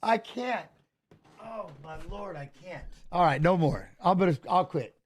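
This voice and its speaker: A middle-aged man hosting a live fight watch-along, laughing often, stammering and restarting, and shouting coaching cues at the screen. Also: sits high, expressive, a little slow.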